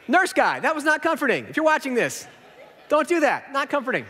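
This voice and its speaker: A man in his thirties, a pastor telling a story in a sermon, self-mocking and animated, acting out what people said. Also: very high-pitched, fast talker, a little hiss or hum. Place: large church auditorium. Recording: hall reverb.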